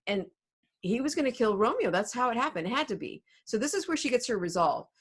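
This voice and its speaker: A woman's voice: fairly high pitch, animated, quick pace, slightly rough. A woman, an English teacher, casually talking through a play and paraphrasing its characters in everyday speech.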